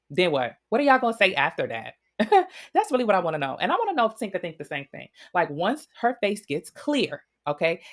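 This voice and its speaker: A woman hosting a casual reality-show gossip recap, blunt and profane. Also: lowish voice. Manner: blunt, profane, animated storytelling. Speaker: recap host.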